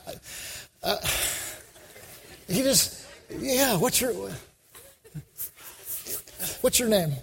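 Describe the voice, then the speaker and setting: A man's voice: very high voice, animated, very slow, long pauses, a bit bright, a little hiss or hum. A man preaching a fervent, repetitive sermon, speaking straight to a large crowd. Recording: long hall reverb.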